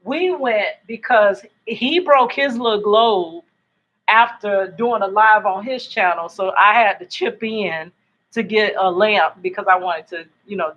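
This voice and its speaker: A chatty woman vlogger talks to her viewers from home at night, wandering from thought to thought and laughing easily. Her voice sits at a middling pitch. It comes through a laptop's built-in mic, so the sound is dull and lo-fi. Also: a bit bright. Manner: rambling, chatty, laughs often. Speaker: YouTube vlogger. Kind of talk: casual chat to camera.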